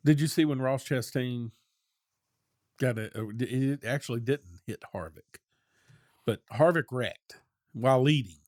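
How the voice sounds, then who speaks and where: A man hosting a sports talk show, chatting casually with opinionated, quick back-and-forth banter. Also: medium pitch, dry recording, clean studio sound.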